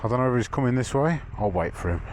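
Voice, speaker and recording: A man riding a motorbike on rough trails, chatting to himself and the camera in a casual, self-mocking way. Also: mid-range voice, expressive, fast talker. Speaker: motorcycle vlogger. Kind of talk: casual running commentary while riding. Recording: outdoor wind and engine noise.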